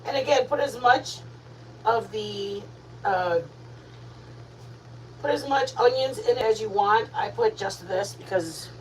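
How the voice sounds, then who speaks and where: A woman's voice: on the high side, takes it slowly, pauses often. An older woman hosting a home cooking livestream, chatting playfully with her viewers while she eats. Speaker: host of a cooking and eating livestream. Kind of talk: casual chat to viewers while eating. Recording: distant mic with background noise.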